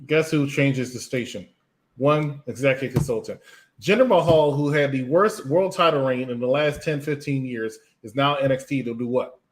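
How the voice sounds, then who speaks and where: A man's voice: medium pitch, normal speed. A man co-hosting a casual wrestling review show, mocking and joking. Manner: mocking, does exaggerated quoted voices. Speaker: podcast co-host.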